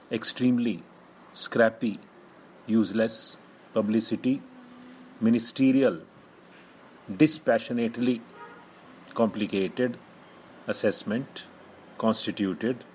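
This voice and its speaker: A man, a shorthand teacher, dictating single words slowly with steady pauses between them. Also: on the low side, slight background noise, low-quality recording. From India. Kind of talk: slow word-by-word dictation.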